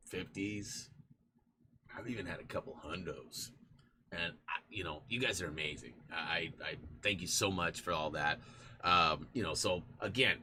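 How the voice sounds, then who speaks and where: A man's voice: low voice, pushed and bright, slight background noise. A man hosting a casual live stream from in front of a green screen, chatting in a rambling way and thanking supporters by name.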